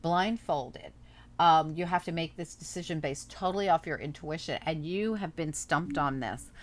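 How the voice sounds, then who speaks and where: A middle-aged woman talks through a tarot reading in a relaxed, chatty way, full of asides and small exclamations. Her voice sits fairly low, with a faint hiss of background noise underneath. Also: moderate pace. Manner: chatty, animated exclamations, thinking aloud. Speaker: tarot reader. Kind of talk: casual tarot reading monologue.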